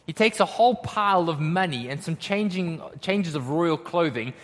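Delivering his sermon in a chatty way, this pastor keeps checking in with the audience using "okay?" and "right?". He has a fairly high, animated voice at a moderate pace, and the recording carries long hall reverb.

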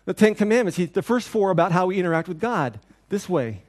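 Talking fast, this middle-aged male pastor preaches a sermon in a relaxed, chatty style, with a voice pitched somewhat above the typical man's. He brings quoted figures to life with animated impressions, softening and quieting as the text becomes tender.

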